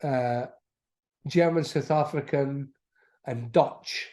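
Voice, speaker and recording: A man's voice: medium pitch, takes it slowly, a little mellow. A middle-aged man with an Aberdeen Scottish accent, chatting as an actor guest in an interview, rambling with many restarts. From Aberdeen, Scotland. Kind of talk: casual interview chat.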